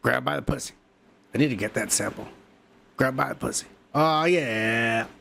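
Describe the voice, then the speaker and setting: A male podcast host, drunk and high, rambling through profane, joking commentary. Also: moderate pace, gravelly, noisy background. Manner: profane, rowdy, jokey.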